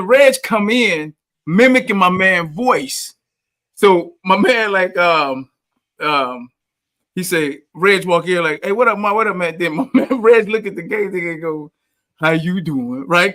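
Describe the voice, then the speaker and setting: A man's voice: high-pitched, a little slow, fairly bright tone. A man hosting a podcast, telling a funny barbershop story in casual, profane banter and laughing as he goes.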